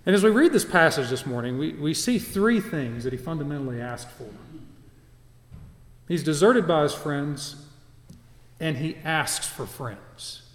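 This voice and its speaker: A man's voice: a little high, lively intonation, unhurried. Earnest male preacher in an echoey hall. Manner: earnest, emphatic, with repetitions and restarts. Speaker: pastor. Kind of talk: expository sermon. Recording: echoey church hall with long reverb.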